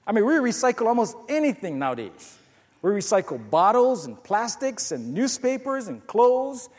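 Man, high-pitched, preaching sermon, lingering hall reverb, reads scripture, tells illustrative stories. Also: a little mellow. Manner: preacher telling stories and reading scripture aloud. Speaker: pastor.

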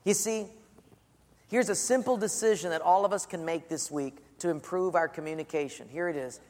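A man preaching a sermon, telling a story and sometimes dropping to a soft hush for quoted words. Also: sits high, moderate pace, in a large hall. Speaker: pastor.

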